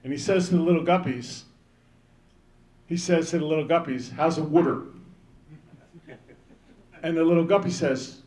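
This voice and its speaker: A man in his fifties giving a rambling, joking banquet speech, calling out to people in the crowd. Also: high voice. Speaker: banquet speaker.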